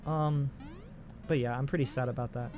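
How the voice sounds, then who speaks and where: A man's voice: mid-range voice, fairly even intonation, normal speed, music in the background. Profane, rambling gamer man. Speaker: let's play host. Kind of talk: casual gameplay commentary.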